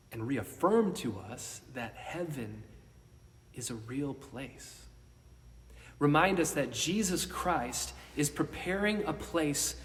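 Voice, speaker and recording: Guy preaching in a church, kinda conversational, drops to a whisper sometimes, big echoey room, sounds far from the mic. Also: mid-range voice. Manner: conversational, with frequent restarts and hushed, whispered emphasis. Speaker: pastor. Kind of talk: sermon. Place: church worship space. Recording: roomy long reverb, mic at a distance, faint ambience.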